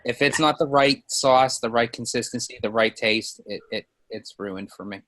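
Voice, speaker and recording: A man co-hosting a podcast, chatting casually in a measured, slightly hesitant way. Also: medium pitch, fairly bright tone, no echo. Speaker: podcast co-host. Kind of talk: casual chat.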